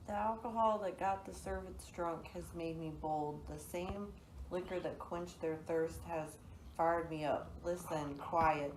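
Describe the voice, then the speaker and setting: A woman's voice: lowish voice, a little slow, close to an everyday voice. Teen girl playing a scheming, scornful noblewoman. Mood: bold. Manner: reads plainly with occasional slips. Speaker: student actor. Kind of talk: amateur school-project reenactment. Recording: echoey room with noise behind.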